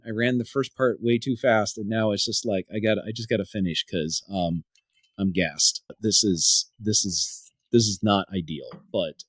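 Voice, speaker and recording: A man's voice: mid-range voice, no echo. Rambling male podcast host, dry sound. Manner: rambling storyteller, repeats and restarts words. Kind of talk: casual chat.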